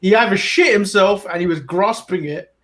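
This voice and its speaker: A playful man with a high voice co-hosting a casual wrestling show. He rambles and trips over repeated words as he talks. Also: normal speed, a bit bright. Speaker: podcast co-host. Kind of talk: casual wrestling recap chat.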